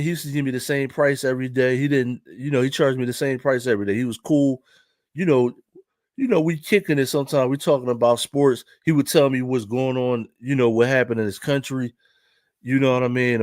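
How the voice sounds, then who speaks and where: A man's voice: medium pitch, darkish tone, no room sound, studio quality. Chatty Philadelphia man telling a story. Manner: loose, repetitive, keeps asking "right?". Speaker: vlogger. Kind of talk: casual storytelling commentary.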